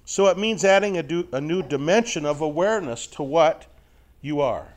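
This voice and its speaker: With a fairly high-pitched voice at a normal speed, a middle-aged man teaches a sermon to a live group as a Bible teacher. His style is chatty, folksy and lively, full of jokes and constant rhetorical questions and tag checks.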